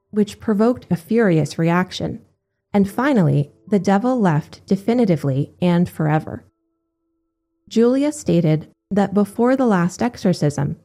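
A woman giving a steady, measured scripted narration of religious accounts. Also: medium pitch.

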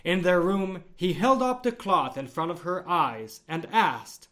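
A man narrating a devotional story in a measured, expressive storytelling manner. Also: high voice.

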